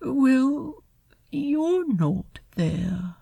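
Aziraphale is a drunk, dreamy gentleman with fussy, prim phrasing, voiced by a woman. He drawls very slowly, lifting high and swooping widely. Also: sing-song, vocal fry, slightly rough, heavily acted. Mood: wistful drunk. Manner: slurred, dreamy, prim old-fashioned phrasing. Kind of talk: podfic character voice.

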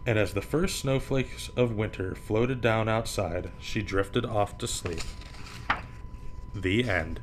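A man hosting a podcast, reading children's picture books aloud in an animated way and acting out the sound effects. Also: fairly low pitch, slow, background noise.

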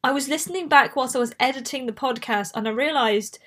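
A woman's voice: high-pitched, fairly quick, fairly bright tone. A woman from Bristol with a light Bristolian accent, hosting a casual solo podcast while she has a cold, chatty and prone to tangents. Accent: light Bristolian English. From Bristol, England. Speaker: podcast host.

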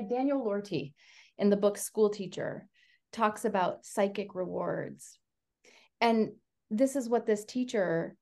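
Woman, education researcher as interview guest; gravelly, earnest, filler-heavy delivery. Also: mid-range voice. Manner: animated storyteller. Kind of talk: casual interview conversation.

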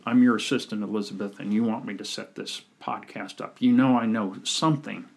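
Husky man telling animated stories. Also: on the low side, brisk. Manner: animated storyteller, acts out quoted people. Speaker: podcast guest, communication coach. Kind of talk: casual storytelling chat.

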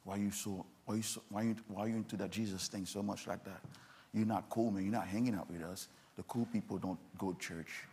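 Pastor doing a sneering cool-kid guy, low and quick, husky. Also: steady tone, a little mellow. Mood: mocking. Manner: taunting, slangy. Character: mocking young male peer, cocky and dismissive.

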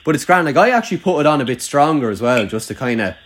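Fast-talking young rural Irish man. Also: a little high, sing-song, a bit bright, slight background noise. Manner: chatty, rambling, heavy use of "like". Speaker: podcast host. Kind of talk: casual chat.

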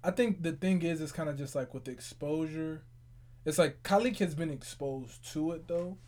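A young man from Charlotte, North Carolina, co-hosting a podcast in a relaxed, rambling chat full of "like" fillers. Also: fairly high pitch, normal speed. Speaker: podcast co-host. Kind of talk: casual chat.

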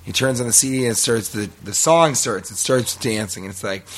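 A man's voice: mid-range voice, fairly quick, a bit bright, a little hiss or hum. A man co-hosting a podcast, telling a long story in a rambling, profane, self-mocking way. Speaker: podcast co-host. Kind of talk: casual storytelling chat.

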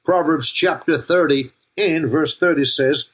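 A man's voice: medium pitch, lively intonation, normal speed, husky. An older man preaching a sermon as pastor, playful and jokey, calling out to his listeners by name and asking if they are listening. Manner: playful, jokey preaching with laughs and call-outs to the congregation.

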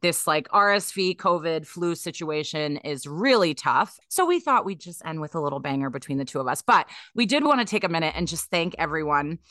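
A woman's voice: sits low, expressive, fairly quick, hardly any pauses, fairly bright tone, no echo, clean studio sound. A woman co-hosting a podcast in casual chat, chatty and laughing often, with many fillers. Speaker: podcast co-host. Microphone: podcast mic.

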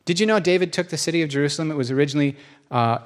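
A man's voice: on the high side, very fast. A man preaching a sermon in a church, speaking conversationally and acting out quotes with rising emphasis.

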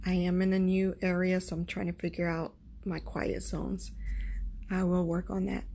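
A woman giving a calm, encouraging spiritual talk on stones and star signs, repeating affirmations for listeners to say back. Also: lowish voice, normal speed, creaky. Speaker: astrology and crystal reader. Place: new, not yet quiet spot. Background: faint background noise.

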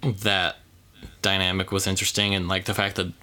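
A man's voice: low voice, completely flat delivery, moderate pace, bright, forceful tone. A man co-hosting a movie podcast, chatting casually with a rambling, joking manner and lots of fillers. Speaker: podcast co-host. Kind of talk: casual movie review chat.

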